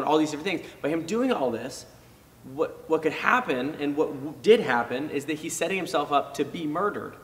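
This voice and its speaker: A youth pastor delivers a casual youth sermon conversationally, using fillers and restarts and growing animated when acting out reactions. His voice is on the high side and fairly quick, recorded roughly through a distant mic with a long reverb tail.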